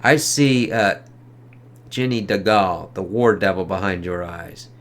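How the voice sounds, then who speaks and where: A possessive male demon from a comic speaks slowly and ominously, voiced by a man reading aloud. The voice stays close to a plain reading voice. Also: low-pitched. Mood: menacing.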